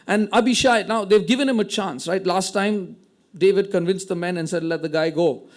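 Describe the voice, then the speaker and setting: A man's voice: sits high, normal speed. A man preaching a sermon, retelling a scripture story with dramatic quoted dialogue. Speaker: pastor.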